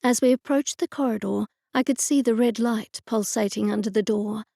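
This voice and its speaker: A woman narrating a cozy mystery audiobook in a measured first-person storytelling manner. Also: fairly high pitch, gravelly, mellow, dry recording, studio quality.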